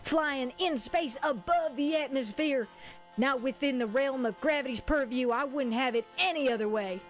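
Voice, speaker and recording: A chipper little alien tinkerer in goggles, as a woman puts him on with a high, folksy put-on accent. He exclaims in old-fashioned phrases, grand and hearty, with faint music playing behind. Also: moderate pace, natural voice. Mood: grandiose. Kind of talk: reading a visual novel aloud with voices.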